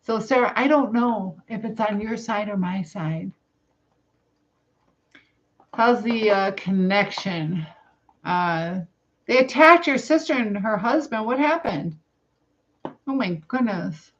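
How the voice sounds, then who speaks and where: A woman's voice: medium pitch, expressive, slow, pauses often, a little hiss or hum. A middle-aged woman with a Southern US accent, hosting a casual cooking livestream, rambling and reading viewer comments aloud. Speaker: livestream host. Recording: dull lo-fi livestream audio.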